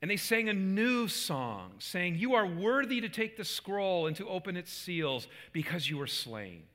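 A man's voice: high-pitched, big pitch swings, unhurried, few pauses, a bit bright, long reverb tail. A man preaching a sermon as a pastor, earnest, with repeated restarts and emphatic peaks.

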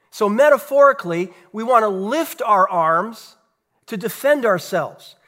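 A man, a pastor, preaching a sermon earnestly, with rhetorical questions and dramatic pauses. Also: sits high, fairly bright tone.

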